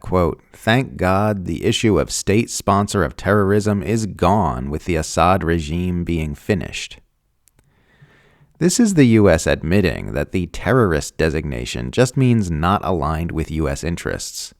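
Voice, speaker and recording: A man with a deep, gravelly voice reads a scripted commentary. His delivery is sardonic and lively in pitch, and he slips into mocking tones for the figures he quotes. The recording is close and dry. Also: dry recording.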